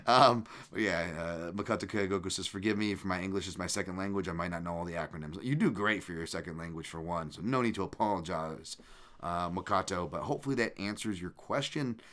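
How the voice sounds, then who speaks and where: This young adult man hosts a podcast, chatting casually and reading out comments. His low-pitched voice moves briskly, relaxed and rambling, with plenty of fillers and restarts.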